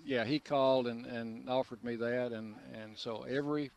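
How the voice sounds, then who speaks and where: A man's voice: mid-range voice, steady tone, moderate pace, darkish tone. Older man, veteran play-by-play voice, easygoing anecdotes, radio interview guest outdoors. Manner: easygoing storyteller, frequent uh fillers and restarts, chuckles. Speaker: longtime sports play-by-play broadcaster, guest. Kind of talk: relaxed reminiscing radio interview. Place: restaurant patio outdoors.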